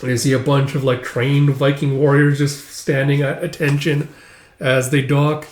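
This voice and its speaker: A man's voice: medium pitch, flat delivery, moderate pace, roomy sound. A man casually retelling a manga chapter with lots of fillers. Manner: loose, filler-heavy narration.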